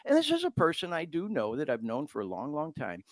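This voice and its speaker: A male podcast host speaks with earnest, heartfelt emotion and a lively, wide-ranging pitch. He sounds close and dry, with almost no room sound. He often addresses his listeners directly. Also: a little fast, no echo. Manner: earnest, emotional, reads messages aloud.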